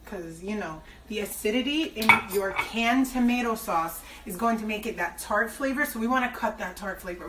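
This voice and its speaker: A woman's voice: medium pitch, expressive, moderate pace, few pauses. Playful slangy woman cooking in a kitchen. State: slightly hoarse. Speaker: cooking show host. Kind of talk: casual cooking vlog. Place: home kitchen. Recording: roomy, distant mic, clattering kitchen noise.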